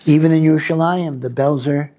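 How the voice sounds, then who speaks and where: A man, a rabbi, teaching a weekly Torah class in an earnest, unhurried way, using many Hebrew terms and leaning hard on his key lines. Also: fairly high pitch, steady tone, warm tone. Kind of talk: Torah lecture.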